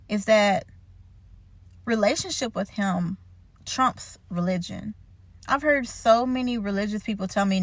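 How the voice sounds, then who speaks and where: A young woman telling a story in a casual faith vlog, chatty and animated, laughing and full of fillers. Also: medium pitch, no room sound. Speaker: faith vlogger.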